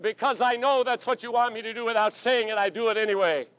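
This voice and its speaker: A man's voice: very high-pitched, fairly even intonation, fast, a bit bright, no room sound. A man preaching a sermon from a church pulpit, with dramatic, rhythmic delivery and emphatic refrains. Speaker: pastor. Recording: dull lo-fi 1980s tape recording.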